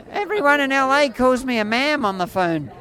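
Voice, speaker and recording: A man in his forties with an Australian accent and a high voice often mistaken for a woman's, rambling through stories in an animated, playful way. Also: normal speed. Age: 40s. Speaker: street performer jester. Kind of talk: casual storytelling interview. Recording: faint crowd outdoors.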